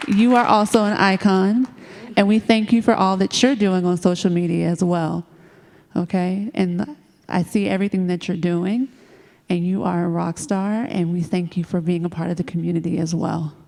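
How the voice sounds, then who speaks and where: A woman panelist speaking in a warm, encouraging way at a conference. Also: fairly low pitch, steady tone, moderate pace, gravelly, in a large hall. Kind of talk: panel answer. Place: large conference hall.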